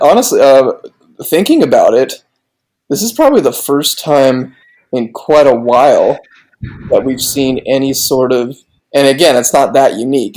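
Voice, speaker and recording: A man's voice: medium pitch, darkish tone, poor audio. Joking, rambling podcast co-host man. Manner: jokey, laughs often, rambling with restarts. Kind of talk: casual podcast chat.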